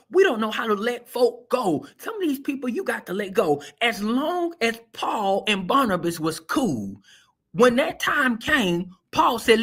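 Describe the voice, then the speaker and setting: A man's voice: sits high, a bit bright, husky. A man hosting and preaching a sermon-style motivational talk, emphatic and folksy, with a repeating preaching cadence. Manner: folksy, colloquial and direct. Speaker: host and preacher.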